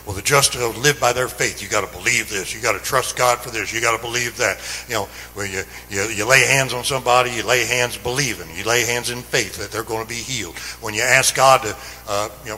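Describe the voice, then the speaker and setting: A man's voice: medium pitch, pushed and bright, in a large hall, a little hiss or hum, low-quality recording. A man teaching a Bible lesson in an earnest, repetitive style that builds emphasis. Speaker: Sunday school teacher. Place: church.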